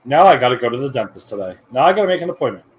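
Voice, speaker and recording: A man's voice: mid-range voice, big pitch swings, very fast, noisy background. Man cracking crude jokes at a movie. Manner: crude, joking running commentary. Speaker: podcast co-host. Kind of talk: casual movie watch-along chat.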